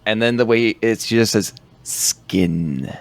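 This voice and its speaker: A man's voice: completely flat delivery, brisk, smooth. A man co-hosting a film podcast, chatting casually and laid-back, with some hesitant fillers. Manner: laid-back, hesitant with fillers, quotes lines in a low growl. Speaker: podcast co-host. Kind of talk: casual film review chat.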